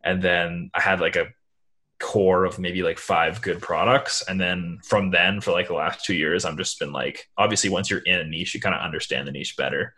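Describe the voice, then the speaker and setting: A man's voice: low-pitched, normal speed. A man, a guest talking casually in an interview, rambling with lots of fillers. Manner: relaxed, rambling, many "like" fillers. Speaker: guest, online seller.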